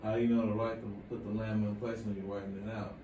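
A male student in a classroom, asking halting questions about pronunciation and spelling. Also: lowish voice, flat delivery, dark tone, highs cut off. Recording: echoey classroom from far off, noisy.

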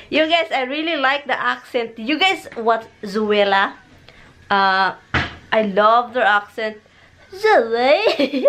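A woman's voice: a little high, a bit bright, a little hiss or hum. A woman from the Philippines with a Filipino accent, chatting animatedly and teasingly in a casual home vlog. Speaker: vlogger. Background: background music.

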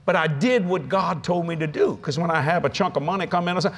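Folksy preacher, fairly high voice. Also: male voice, fast talker, a little hiss or hum. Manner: folksy, humorous, animated storytelling with many acted quotes. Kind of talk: sermon with storytelling.

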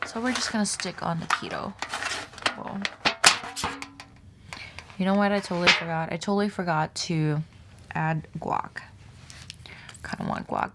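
A woman's voice: mid-range voice, a little hiss or hum. A woman chatting casually in a vlog, rambling and filling her talk with "like" while she eats. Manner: chatty, rambling, heavy use of "like". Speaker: vlogger.

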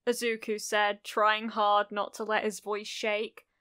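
A woman narrating a cozy fan fiction audiobook in a gentle, unhurried storytelling manner. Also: mid-range voice, monotone, clean tone, no room sound, studio quality.

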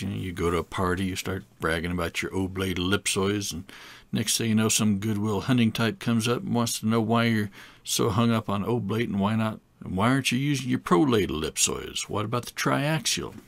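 Guy lecturing his class, kinda gravelly and low, chatty with little jokes, dry close sound. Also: fairly bright tone, no room sound. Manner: conversational, wry asides. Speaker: instructor. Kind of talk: recorded screen lecture.

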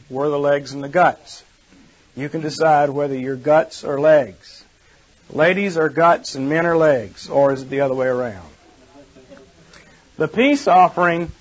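A man's voice: fairly high pitch, breathy edge. A man giving a Bible lecture to a class, explaining step by step and putting questions to his listeners. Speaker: Bible teacher. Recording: dull lo-fi archive recording.

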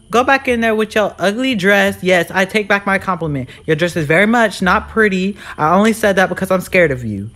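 A gamer commentates live on a horror game, jumpy and sassy, shrieking in fright, repeating exclamations, and talking back to the villain. The voice is mid-range with a fairly bright tone.

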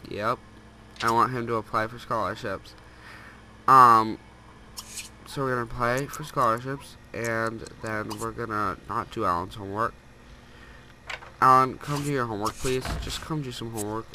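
A bright, sharp-toned young man with a stuffed-up, sniffly nose, chatting through a game in a loose, rambling way. He keeps scolding the characters on screen. A faint hiss of noise sits under his voice. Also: medium pitch, steady tone, moderate pace. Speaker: gameplay commentator. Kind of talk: casual let's play commentary.

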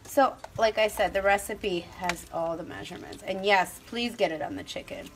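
A woman's voice: medium pitch, normal speed, slight background noise. A young adult woman hosting a live cooking demonstration, chatty and upbeat, talking straight to her viewers. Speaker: cooking show host.

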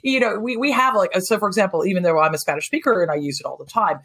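A woman from the United States talking as a guest historian in a casual podcast conversation, animated and chatty, acting out quoted reactions. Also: medium pitch, quick pace, breathy edge.

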